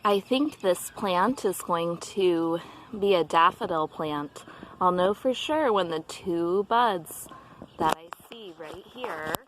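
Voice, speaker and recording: A woman reading a picture book aloud and talking gently to children about the signs of spring. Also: lowish voice, takes it slowly, slight background noise. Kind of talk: children's read-aloud and nature talk.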